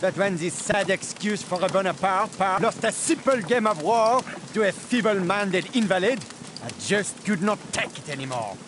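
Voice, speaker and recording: An actor playing a pompous, domineering old Napoleon ghost in a mock French accent, haughty and theatrical. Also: male voice, high voice, animated, normal speed. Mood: scornful. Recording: game audio with noisy background.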